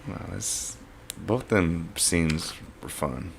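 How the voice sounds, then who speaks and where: A man with an extremely deep voice full of gravelly fry, co-hosting a podcast. He is laid-back, mostly chiming in with short agreeing replies. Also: lively intonation, extremely slow, slight background noise. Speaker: podcast co-host. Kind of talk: casual chat and script read-through.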